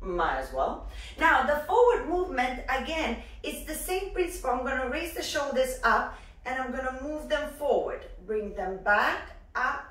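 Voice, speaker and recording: A young woman teaching a dance lesson in an upbeat way, counting the beats out loud. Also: high voice, moderate pace. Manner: lively, counts beats aloud. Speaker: dance instructor. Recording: echoey room from far off.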